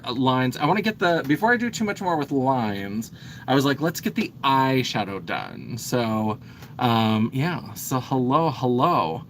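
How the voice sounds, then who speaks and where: Male drag performer, mid-pitch, easygoing livestream chatter while applying makeup; rambling, filler-heavy, trails off mid-thought as he works. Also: slight background noise. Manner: talks while busy with makeup, pausing and trailing off. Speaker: drag performer getting ready for a show. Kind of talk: casual livestream chat while doing makeup.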